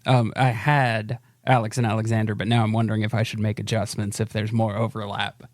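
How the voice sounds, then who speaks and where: A man's voice: lowish voice, flat delivery, a little fast, darkish tone, dry recording, clean studio sound. A man co-hosting a casual podcast, talking about books in an easygoing, self-deprecating way with hesitant fillers. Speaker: podcast co-host. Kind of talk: casual book chat.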